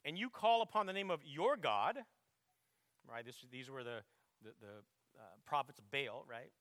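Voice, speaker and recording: A man preaching a sermon, with emphatic bursts on quoted verses, quieter reflective asides and frequent throat clearing. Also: lively intonation, normal speed, no echo, studio quality. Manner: emphatic preaching, swelling loud on quotes, dropping low to reflect. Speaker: pastor.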